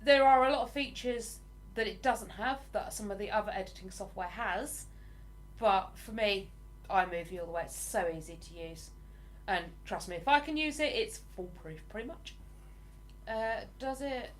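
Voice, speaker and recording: A woman's voice: medium pitch, normal speed, slight background noise. This is a woman from the south of England who hosts her own livestream. She talks in an easy, enthusiastic way, reading out comments and laughing often. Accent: southern English. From England (Hertfordshire). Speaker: livestream host. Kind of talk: casual live chat, reading viewer comments.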